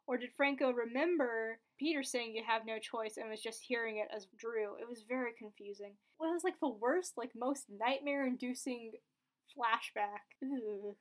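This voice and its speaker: A woman with a fairly high voice talks through a soap opera episode in a loose, rambling way. She is chatty and casual, leaning on "like" and "I was like" as she goes. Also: moderate pace. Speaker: soap opera recap vlogger.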